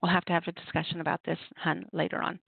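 A woman hosts a poetry radio show, chatting in a loose, rambling way and laughing often. Her voice has a gravelly, creaky edge. It comes through a tinny, dry phone line. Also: lowish voice, flat delivery, fast, dry recording. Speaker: host of an open mic poetry radio show. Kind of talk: casual talk giving poetry prompts.

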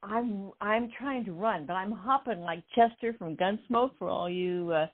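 An older woman as a guest, telling a story in an animated way, often laughing, heard over a phone line. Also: mid-range voice, moderate pace, dry recording.

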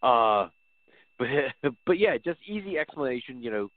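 A man's voice: medium pitch, sing-song, normal speed, no echo. A man co-hosting a podcast, chatting casually about a horror film, laid-back and laughing often. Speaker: podcast co-host. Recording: dry, tinny phone-like audio.

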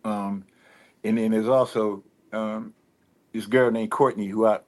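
A man with a Detroit accent, guest on a radio interview, talking in a relaxed, rambling way full of fillers and restarts. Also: on the low side, unhurried. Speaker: rapper guest. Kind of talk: casual interview talk.

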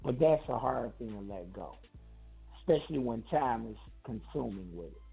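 A man's voice: mid-range voice, lively intonation, normal speed, soft background music. A man calling in to a talk show, chatting casually in a laid-back, slangy way and laughing often. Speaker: caller. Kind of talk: casual call-in chat. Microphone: phone. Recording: gravelly voice over phone line.

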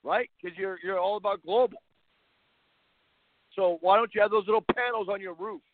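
A man's voice: sits high, moderate pace, no room sound. A man hosting a sports talk show, delivering a blunt, mocking, opinionated monologue. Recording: tinny phone-line sound.

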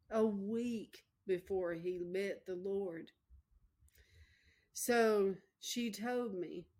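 A woman's voice: on the low side, darkish tone. A woman preacher, telling a personal story in a folksy, emotional way during a sermon.

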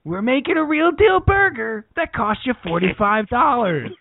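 A man playing a boastful celebrity burger chef with a brash, drawn-out pitchman delivery. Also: sing-song, gravelly, no room sound, narrow, tinny audio, heavily acted.

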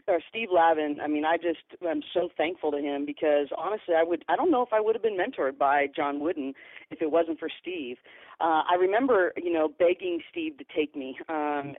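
A woman's voice: low voice, no echo. Earnest woman coach on a phone line. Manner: earnest, repeats words when starting sentences. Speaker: basketball coach, podcast guest. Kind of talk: storytelling interview answers. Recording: tinny phone line, dry.

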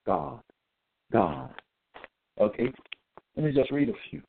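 A man's voice: medium pitch, slow pace, gravelly, long pauses, a little hiss or hum. A man giving a solo lecture, reading out verses, repeating his points and asking listeners whether they got it. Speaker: self-styled preacher. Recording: tinny phone-like audio.

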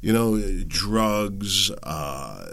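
A podcast host, a man with a low, creaky, slightly bright voice, rambles through a folksy solo monologue while sick with a head cold. He sounds animated, stretches his words out, and leans on frequent fillers in this casual talk.

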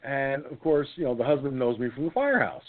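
A man in his sixties hosting a casual talk show, telling a comic anecdote and jumping into silly high voices. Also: big pitch swings, quick pace. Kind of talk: casual storytelling chat. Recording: phone-line audio.

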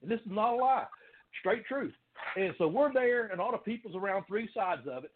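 A man telling animated wrestling stories in casual chat, laughing often. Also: sits high, fairly quick. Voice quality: country accent. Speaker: guest, former pro wrestler. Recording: phone-like line with faint noise.

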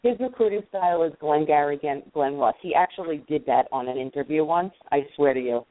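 A woman from Queens with a deep voice and a New York accent, talking emphatically in a casual panel discussion. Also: brisk. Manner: emphatic, insistent. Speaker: recruiting panelist. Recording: tinny phone-like line.

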